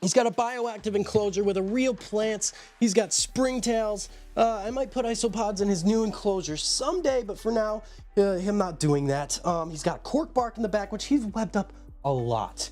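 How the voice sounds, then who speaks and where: A man's voice: sits high, normal speed, a little mellow, faint music behind. A man casually chatting on a live stream from a room at home, rambling as he greets viewers by name. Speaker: live streamer showing his pet enclosures.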